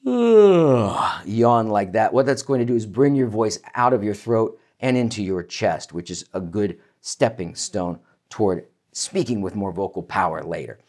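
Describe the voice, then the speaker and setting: A man teaching vocal warm-ups as a voice coach, with an energetic, demonstrative coaching manner. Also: fairly low pitch, normal speed, few pauses. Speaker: voice coach and keynote speaker. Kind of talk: instructional talk to camera.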